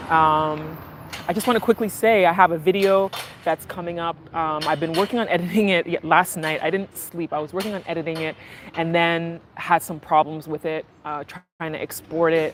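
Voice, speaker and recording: A woman vlogger chatting casually while riding in a car, telling stories in a lively way. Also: lowish voice, noisy background. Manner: animated storytelling, acting out market sellers and her mother. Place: inside a moving car.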